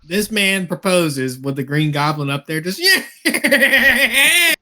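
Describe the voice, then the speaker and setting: Lively, laughing podcast co-host. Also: medium pitch, takes it slowly. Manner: jokey, laughs often, riffs on the story. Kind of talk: casual chat.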